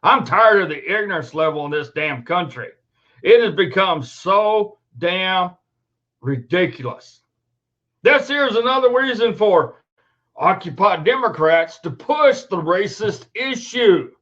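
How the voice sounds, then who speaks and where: Man, angry rant, swearing, fairly high voice, muffled lo-fi sound. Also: expressive, measured pace, a bit bright. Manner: indignant, swearing, emphatic. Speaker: host. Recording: dull lo-fi recording.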